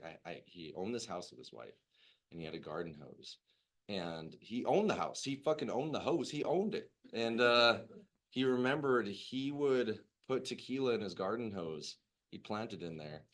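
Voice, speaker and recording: A man's voice: deep voice, a bit bright. A young man sharing his recovery story in a loose, rambling way, with lots of fillers and swearing. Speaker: recovery meeting speaker. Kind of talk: personal recovery story, casual.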